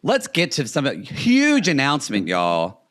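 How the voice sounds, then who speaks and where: A man co-hosting a casual podcast, chatting in an animated way, swearing freely and often restarting his sentences. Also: fairly high pitch, unhurried, no room sound, studio quality. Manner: animated, profane, lots of restarts. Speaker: podcast co-host.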